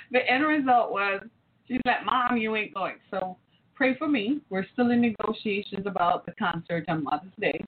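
A woman's voice: medium pitch, normal speed. A woman in her forties hosting a talk, telling a family story and playing out the voices in it. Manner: animated, acts out quoted voices. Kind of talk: storytelling to an audience. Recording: tinny phone-like line with faint noise.

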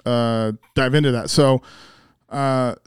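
A laid-back man hosting a podcast, asking questions slowly and with many "ums". His voice is very smooth and resonant, and the sound is dry and close. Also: mid-range voice, fairly even intonation, no echo. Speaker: podcast host. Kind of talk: casual podcast interview.

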